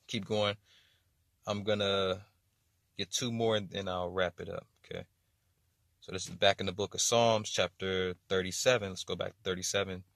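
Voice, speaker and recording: A man's voice: fairly low pitch, pushed and bright, husky, no echo. Preacher who says "man" after every phrase. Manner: repeats man and you see after nearly every phrase; stumbles with many uh and repeated words. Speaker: street preacher. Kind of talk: informal scripture teaching.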